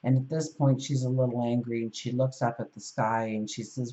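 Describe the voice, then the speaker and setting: Mellow-voiced woman telling a tarot story. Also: extremely low pitch, steady tone, brisk, hardly any pauses, muffled recording. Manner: storytelling, gently encouraging. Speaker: tarot reader. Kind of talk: spoken tarot reading with storytelling.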